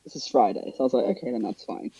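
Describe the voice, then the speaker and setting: A man's voice: rapid-fire, vocal fry, husky, dry recording, muffled recording. A young man, casually telling a story on a podcast and acting out the voices of the people in it. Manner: animated, acts out dialogue with big pitch jumps and laughter. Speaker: podcast co-host.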